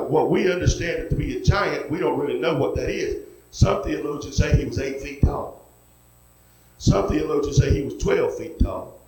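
Folksy preacher, echoey room. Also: male voice, a little high. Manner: folksy, acts out each character in lively retelling. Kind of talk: sermon storytelling.

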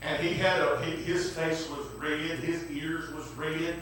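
A preacher with a high, bright voice spins a folksy story from the pulpit and keeps breaking in with hallelujahs and amens. He sounds some way from the mic. The church around him echoes heavily. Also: flat delivery, unhurried, slight background noise. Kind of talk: storytelling sermon. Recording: very echoey room, distant mic.

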